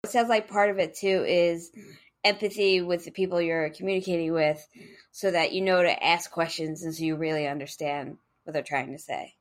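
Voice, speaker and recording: A woman hosts an interview, her voice sitting a touch low. She speaks in a calm, measured way and reflects the guest's points back to her. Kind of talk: interview questions.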